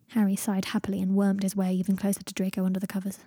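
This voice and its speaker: A woman reading a fan fiction audiobook in a calm, even storytelling manner. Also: medium pitch, racing, hardly any pauses, breathy edge, dry recording, clean studio sound. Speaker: audiobook narrator.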